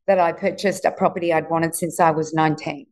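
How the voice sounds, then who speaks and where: A woman's voice: low voice, steady tone, fairly quick. A woman in her sixties who owns a farm, telling rambling stories in casual chat. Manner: rambling, chatty storyteller with fillers. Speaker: farm owner.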